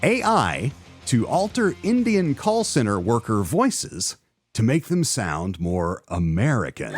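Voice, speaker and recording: A man's voice: medium pitch, huge pitch swings, slow, slightly rough, faint music behind, some chatter behind. A man hosting a solo podcast in a chatty way, often stopping himself mid-sentence and reading news articles aloud. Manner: chatty, self-interrupting with fillers and restarts. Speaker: podcast host.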